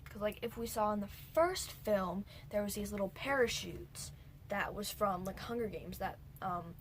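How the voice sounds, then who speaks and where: A young woman with a mid-range voice recaps a movie in a casual vlog at normal speed. As a movie reviewer she rambles, hops from point to point, and slips into whispered asides over faint background noise.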